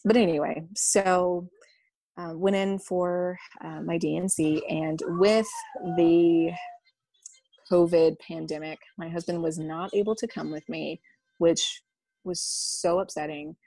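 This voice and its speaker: A young adult woman candidly telling a personal story, halting and full of ums and you-knows. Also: lowish voice, warm tone, no room sound. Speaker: vlogger sharing a personal story.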